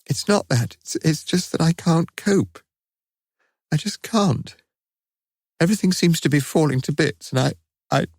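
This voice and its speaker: A man's voice: medium pitch, steady tone, moderate pace, long pauses, dark tone, no echo, studio quality, pitched above the performer's own voice, natural voice. A man voicing a distraught middle-aged widowed mother with a quavering, tearful voice. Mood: tearful despair. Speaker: audiobook narrator.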